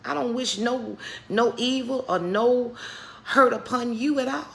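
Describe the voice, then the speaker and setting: A middle-aged woman's fairly high, unhurried voice, touched with vocal fry and a bit of brightness, carries a motivational faith talk on a live stream. In a preacherly manner, she greets chat viewers by name and calls them "baby".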